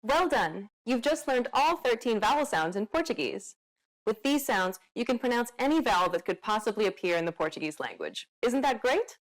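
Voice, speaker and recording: A woman narrating a pronunciation lesson in a clear, explanatory scripted style. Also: a little high, sing-song, moderate pace.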